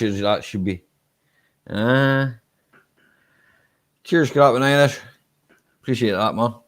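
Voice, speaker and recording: Scottish man, lowish pitch, laid-back stream chat, chatty, quick to laugh. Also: smooth. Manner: relaxed and chatty, ends lines with "eh?"; laughs easily. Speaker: live-stream host. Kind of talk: casual live-stream chat reading viewer comments.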